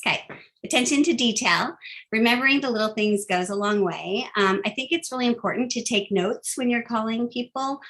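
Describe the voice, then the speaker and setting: A woman's voice: a little high, brisk, a bit bright. A woman giving a casual, upbeat phone-skills training talk, chatty and full of fillers.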